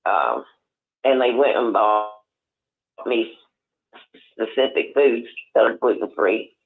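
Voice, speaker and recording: A man's voice: fairly low pitch, lively intonation, vocal fry. Older man rambling on a tinny phone line. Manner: rambling, halting, with many restarts. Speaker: caller. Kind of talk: casual phone chat. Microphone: telephone.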